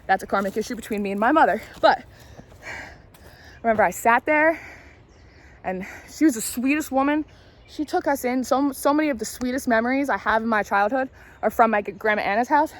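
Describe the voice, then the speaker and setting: Chatty late-20s woman, rather high voice. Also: animated, fairly quick. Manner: candid, rambling and confiding, swears casually; talks while walking. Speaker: tarot reader and spiritual vlogger. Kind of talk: casual storytelling vlog.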